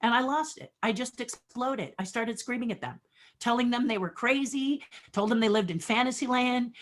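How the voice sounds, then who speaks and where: A middle-aged woman guest telling career stories, acting out each person in a conversation. Her pitch swings widely as she plays out the dialogue. She sounds expressive and energetic throughout. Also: moderate pace. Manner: animated storyteller acting out dialogue. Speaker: podcast guest. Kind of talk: storytelling interview.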